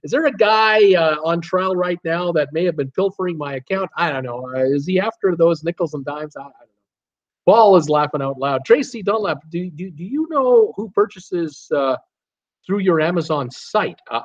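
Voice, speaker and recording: A man's voice: a little high, a little fast. A man from Canada hosting a casual live stream, reading viewer comments aloud and chatting with many fillers. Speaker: host reading live chat. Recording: dull lo-fi stream audio.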